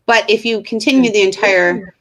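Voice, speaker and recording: A woman's voice: medium pitch, moderate pace, a bit bright. A woman co-hosting a self-help live stream, talking casually and chattily as a coach over a video call. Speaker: co-host and coach.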